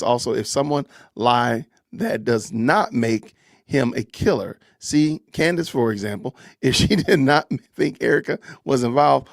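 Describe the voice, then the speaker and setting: Man with a gravelly, lively voice. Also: mid-range voice, no room sound, clean studio sound. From Southern United States. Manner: chatty, reads out viewer comments and thanks donors, repeats phrases. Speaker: podcast host. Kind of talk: casual live-stream commentary.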